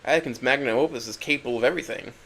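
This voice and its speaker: A man's voice: medium pitch, very fast, gravelly, a bit bright. A man narrating a first-person dramatic story, emotional and swinging from hurt to angry outbursts.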